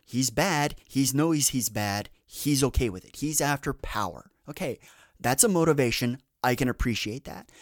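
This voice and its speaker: Man, podcast host, casual chat, rambling, filler-heavy, mid pitch, dry close sound. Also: no room sound. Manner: rambling, many fillers and restarts.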